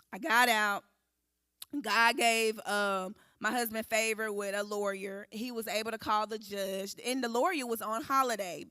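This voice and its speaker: A woman, giving an animated personal testimony at a church recovery service and acting out the voices in her story. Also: a little high, no room sound, clean studio sound. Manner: animated storytelling, acting out quotes, addressing the room as y'all.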